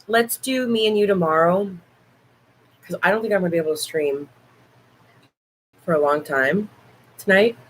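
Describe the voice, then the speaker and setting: A hoarse young woman hosting a casual livestream, chatting warmly and fondly with her viewers. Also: lowish voice, moderate pace, long pauses, a little hiss or hum, low-quality recording. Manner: chatty, affectionate toward viewers. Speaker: livestream host.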